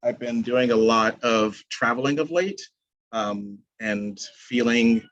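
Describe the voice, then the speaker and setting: A man poet and teacher introducing his reading from home over a video call, halting and full of fillers. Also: medium pitch, a bit bright, no room sound, lo-fi sound.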